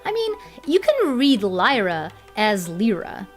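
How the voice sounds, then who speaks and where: A woman's voice: medium pitch, huge pitch swings, slow, soft background music. A young woman streaming casually as a VTuber, rambling and laughing often, repeating herself as she goes. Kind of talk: casual chat.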